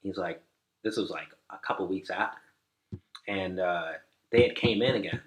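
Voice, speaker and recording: A man's voice: sits low, moderate pace, reverberant, poor audio. A man guest on a podcast, telling a story casually, rambling with lots of "like" and acting out what people said. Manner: rambling, many "like" fillers, acts out quoted dialogue.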